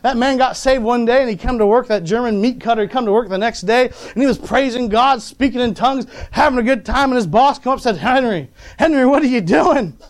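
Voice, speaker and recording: A man's voice: very high-pitched, fairly even intonation, fast talker, hardly any pauses. A man preaching a sermon as pastor, repeatedly asking the congregation for an amen, with chuckling asides.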